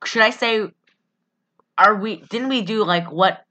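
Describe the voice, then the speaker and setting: A woman in casual chat, rambling and animated, often laughing as she talks. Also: medium pitch, measured pace, dull audio. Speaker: podcast co-host.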